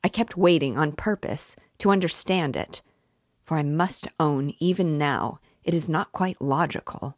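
A woman reading as an earnest young idealist, heated and insistent as he accuses someone to his face. The voice is low and dry, set close to the mic. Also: a little slow, no echo. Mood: angry. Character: earnest, principled young man, hotly angry.

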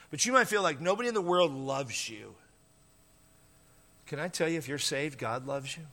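Preaching in a big-room space, this middle-aged man has a fairly high, sharp-toned voice with lively intonation. His sermon is emphatic, returning to key phrases and slowing to drive them home.

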